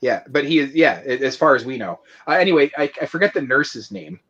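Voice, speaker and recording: A man co-hosting a podcast, talking through a movie casually and haltingly while going by his notes. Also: mid-range voice, very animated, fairly bright tone, muffled recording. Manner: halting, many fillers, reading from notes. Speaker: podcast co-host.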